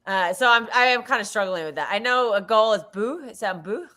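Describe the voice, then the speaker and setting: A woman with a bright, fairly high voice chats casually on a football watch-along stream. She swears freely, stumbles and repeats herself when she gets excited, and talks in quick, loose bursts. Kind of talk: casual chat.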